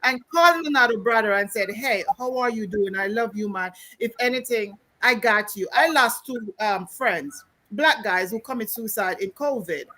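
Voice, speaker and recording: A woman's voice: a little high, moderate pace, hardly any pauses, sharp tone. A woman from the United States speaking as a panellist on a video call, earnest and emphatic, repeating her points. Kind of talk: panel discussion.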